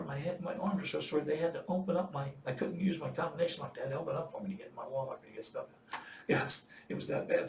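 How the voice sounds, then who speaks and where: An older Marine veteran tells a long story in a lively, casual way, sometimes acting out the voices he quotes in loud bursts. His voice is on the high side, fast and creaky. He's far from the mic in an echoey room, with faint noise underneath.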